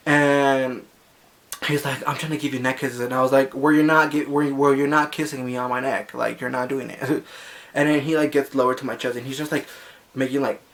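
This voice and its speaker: Young male vlogger, gravelly, medium pitch; casual and sassy storytelling. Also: fairly even intonation, brisk, a bit bright, a little hiss or hum. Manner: chatty, sassy, heavy on filler words.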